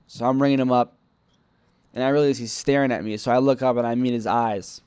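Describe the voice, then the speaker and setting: A man's voice: mid-range voice, level tone, a little fast, a little mellow, clear, resonant tone, dry recording. A young man rambling through a personal work story, self-critical, acting out quoted lines. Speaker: vlogger telling a personal story. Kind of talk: casual storytelling monologue.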